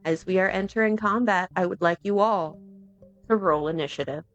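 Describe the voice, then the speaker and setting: A woman running a tabletop game as game master, narrating and calling out turns in a measured way. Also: fairly low pitch, dull audio, faint music behind.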